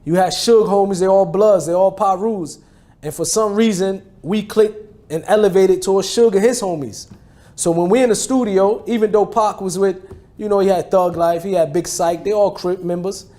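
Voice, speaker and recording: Man, 40s, new jersey accent, street slang, repeats phrases, high voice, mellow. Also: steady tone, moderate pace. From New Jersey, USA. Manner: repetitive, casual street slang, restarts phrases. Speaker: guest telling his life story. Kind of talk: conversational testimony.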